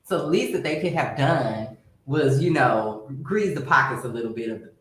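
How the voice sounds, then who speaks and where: Low-voiced woman in an echoey room. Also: animated, moderate pace. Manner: conversational, chiming in with hesitant restarts. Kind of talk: casual reality-TV gossip chat.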